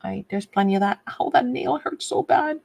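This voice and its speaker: Woman, craft livestream host, casual chatty talk, middle pitch. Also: expressive, normal speed, gravelly, a little mellow. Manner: chatty, reads viewer comments, fusses over a sore torn nail. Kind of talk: casual live chat while crafting.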